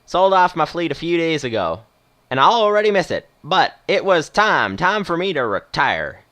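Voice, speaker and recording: Man voicing retired old spacer with a cowboy drawl, folksy, game voice, pitched up a bit. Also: very animated, normal speed, fairly bright tone. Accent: Western movie drawl. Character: old retired male starship captain, cheerful.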